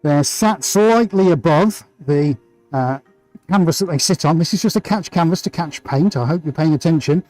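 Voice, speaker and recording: A man's voice: a little high, moderate pace, a little mellow, faint music behind, low-quality recording. A man hosting a live painting stream, chatting enthusiastically and playfully as he greets viewers. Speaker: livestream host and painter.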